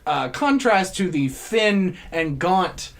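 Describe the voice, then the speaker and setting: A man co-hosting a comedy podcast, telling a story in casual chat and bursting into shouted, acted-out voices. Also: sits high, big pitch swings, slow pace, creaky, slight background noise. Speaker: podcast co-host.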